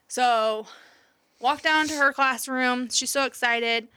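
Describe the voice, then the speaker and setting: Bright-voiced woman telling a story. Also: high voice, slow, smooth. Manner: animated storytelling, swears freely. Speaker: podcast co-host, mother. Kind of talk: casual chat.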